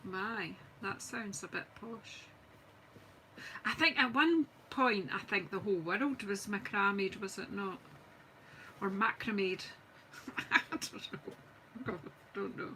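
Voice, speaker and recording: A woman's voice: medium pitch, slow pace, sharp tone, slight background noise, low-quality recording. Chatty Scottish woman crafting live. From Scotland. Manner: chatty, self-mocking, talks while working. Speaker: craft demonstrator. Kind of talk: live-streamed crafting chat.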